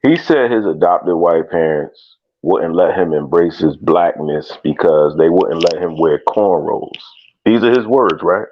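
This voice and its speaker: A man calling in to a live show, telling a story in casual, profane, animated chat. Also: deep voice, unhurried. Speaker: caller. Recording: dull lo-fi call audio.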